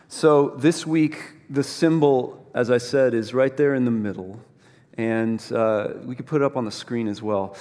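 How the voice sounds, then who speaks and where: A middle-aged man preaching a sermon as pastor, telling a lively personal story with self-deprecating humor. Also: mid-range voice, unhurried. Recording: long hall reverb.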